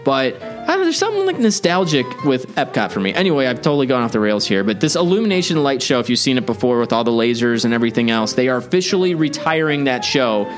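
A man's voice: medium pitch, sing-song, fast, few pauses, soft background music. A man hosting a theme park podcast, talking in an enthusiastic, rambling, chatty way. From Chicago area. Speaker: podcast host. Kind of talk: casual podcast chat.

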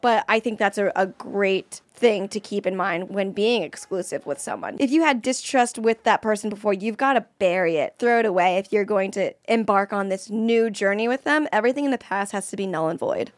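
A woman's voice: mid-range voice, a little fast, hardly any pauses, dry recording. A young adult woman co-hosting a casual podcast chat, talking freely with lots of "like" and reading out a listener's question. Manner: chatty, frequent "like", laughs easily. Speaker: co-host.

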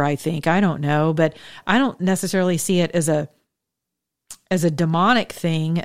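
A woman with a fairly low voice talks straight to her women listeners, half sermon and half frank chat. She urges and jokes in plain, candid words, recorded dry and close with no room sound. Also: a little mellow, dry recording. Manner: exhorting, candid and chatty, with frank asides. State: widowed, speaking as a single woman. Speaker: host of a faith talk show. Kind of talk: preachy monologue to women listeners.

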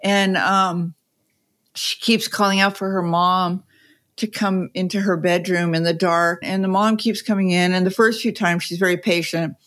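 A woman's voice: lowish voice, level tone, moderate pace, a bit bright. A woman guest on a conversational podcast, telling stories in a chatty way and laughing as she goes. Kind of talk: conversational storytelling.

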